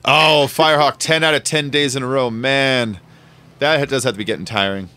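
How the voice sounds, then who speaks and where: A man's voice: mid-range voice, a little fast, bright, forceful tone. A man hosting a casual gaming livestream, chatting and laughing with friends and greeting viewers in chat. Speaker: livestream host.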